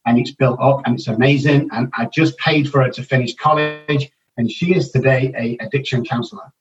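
A man's voice: mid-range voice, fairly even intonation, fairly quick, music in the background. Brief: older man, blunt and profane motivational guest, dull distant remote audio. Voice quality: blunt, swears freely, motivational. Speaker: addiction counselor and author, guest. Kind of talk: casual podcast interview.

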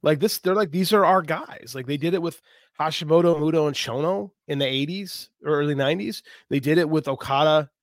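A man co-hosting a podcast, talking casually about wrestling in an animated way, catching and correcting himself and swearing now and then. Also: fairly high pitch, brisk, dry recording, clean studio sound. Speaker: podcast co-host.

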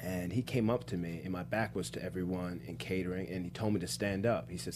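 A man chatting casually as a guest, telling lively stories and acting out the voices in them, stumbling over his words when excited. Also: low voice, fast talker, noisy background. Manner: animated storyteller, acts out voices in anecdotes. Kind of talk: casual podcast chat, storytelling.

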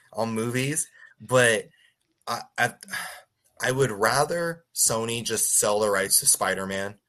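A man's voice: mid-range voice, slow pace, a bit bright. A man co-hosting a casual review chat, often stammering and repeating his words. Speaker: co-host.

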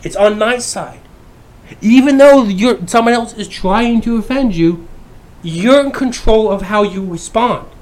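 A man's voice: high-pitched, a little slow. Brash, profane man ranting. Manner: profane, brash, swings between shouting and mumbling. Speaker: YouTuber. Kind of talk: casual ranting monologue.

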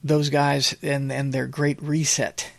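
An older man hosting a casual political commentary show, rambling and halting with many fillers, blunt and opinionated. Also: mid-range voice, level tone, creaky, dry recording.

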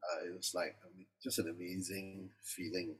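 A man's voice: sits low, flat delivery, normal speed, slightly rough. A Singaporean man co-hosting a podcast, chatting casually and often affirming with yeah and right. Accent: Singaporean English. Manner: affirming, lots of yeahs and rights. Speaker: podcast co-host. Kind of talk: casual chat.

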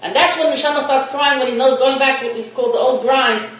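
A man's voice: extremely high pitch, fast talker, hardly any pauses, a bit bright. A man giving a sermon, telling a parable in a storytelling manner and mixing in Hebrew and Yiddish terms. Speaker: rabbi giving a talk. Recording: echoey room, distant mic, faint hiss.

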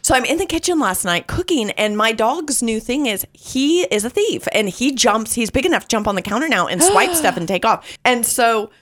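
A middle-aged woman telling a funny story in casual chat, animated and laughing often. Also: fairly high pitch.

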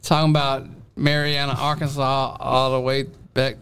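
A man's voice: mid-range voice, normal speed, clear, resonant tone. A man co-hosting a podcast in casual, joking banter with friends. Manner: joking, animated, breaks into rap bits. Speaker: podcast co-host.

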